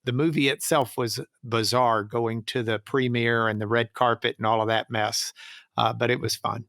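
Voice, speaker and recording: This podcast guest, a middle-aged trial lawyer, spins an animated story during an interview and acts out the people he quotes. His mid-range voice moves at a moderate pace, and the recording is dry and studio-quality.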